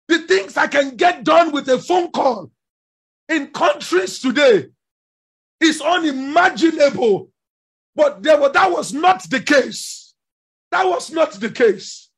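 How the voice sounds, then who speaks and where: A man preaching a sermon with passion, often shouting. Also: very high voice, expressive, slow pace. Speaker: pastor.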